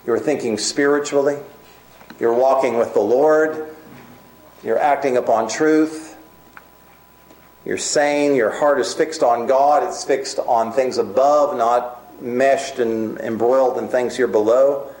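A man delivering a sermon, earnest and emphatic, slowing down for key points and speeding up in others. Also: mid-range voice, a little mellow, reverberant, poor audio. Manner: earnest, emphatic preaching with varied pace. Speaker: preacher.

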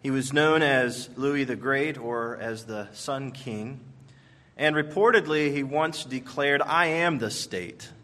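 A man's voice: medium pitch, fairly bright tone. Man preaching an evening sermon. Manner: storytelling, emphatic, measured pauses. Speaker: pastor.

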